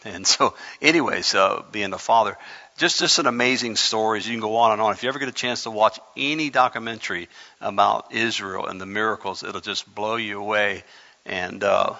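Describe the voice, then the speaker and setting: A male pastor delivering a sermon with a bright, forceful voice. He stumbles over repeated words, then surges loud to drive a point home. The sound is dull and carries a long hall reverb. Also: fairly low pitch, fairly quick, vocal fry. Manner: animated preaching with repeated words and sudden loud emphasis.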